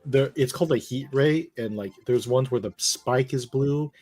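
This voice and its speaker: A man's voice: medium pitch, normal speed, warm tone, husky, faint music behind. A man co-hosting a casual chat, talking hesitantly with many restarts and fillers.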